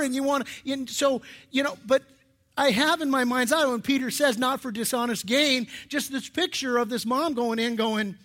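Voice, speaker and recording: High-pitched guy pastor, chatty sermon, keeps restarting his sentences. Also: normal speed, fairly bright tone. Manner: conversational and emphatic, with frequent restarts.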